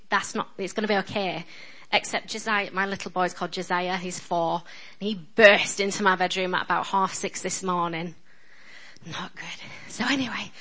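A woman with a strong Northern English accent preaches in a chatty, earnest way, poking fun at herself as she goes. Her voice is bright and forward, sitting at an ordinary pitch for a woman. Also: poor audio. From England. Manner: chatty, self-deprecating and earnest. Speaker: guest speaker at a church. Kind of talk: sermon.

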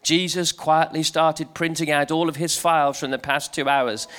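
A playful man leading a family church talk, joking and urging the crowd to join in. His voice is high and bright. He talks to the congregation in a lively, coaxing way. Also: moderate pace, clear, resonant tone. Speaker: preacher.

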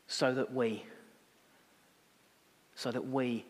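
A man preaching a sermon as pastor, rising to impassioned emphasis and dropping to quiet reflection. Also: medium pitch, unhurried, long pauses. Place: church. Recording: long reverb of a church hall.

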